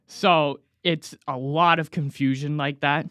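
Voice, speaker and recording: Animated teenage guy telling a story. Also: fairly high pitch, smooth, no echo. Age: teens. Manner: animated, acts out dialogue with quick voice shifts. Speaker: student storyteller. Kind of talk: casual personal story.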